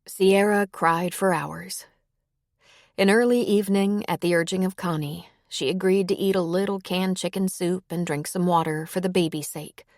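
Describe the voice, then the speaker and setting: Audiobook narrator, woman, low voice, measured and even, dry close sound. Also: no room sound.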